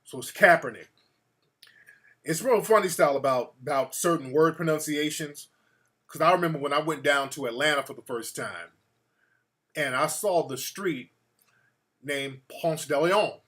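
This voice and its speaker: Bright-voiced New radio host, casual and profane. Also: male voice, a little high, moderate pace. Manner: profane, loose and conversational. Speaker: radio talk show host. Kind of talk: casual call-in talk.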